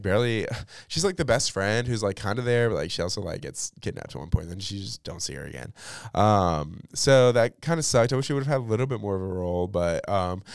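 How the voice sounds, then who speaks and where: A young man hosts a pop culture podcast, chatting casually in a slangy way with lots of fillers and free cursing. His voice is on the low side and smooth, recorded with clean studio sound and no echo.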